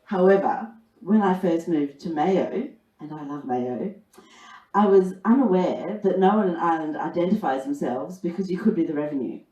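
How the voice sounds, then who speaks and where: A woman's voice: lowish voice, normal speed, warm tone, muffled recording. A woman with an Australian accent performing a stand-up comedy set, telling bawdy, chatty stories and laughing along. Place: pub comedy club. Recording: echoey room from far off.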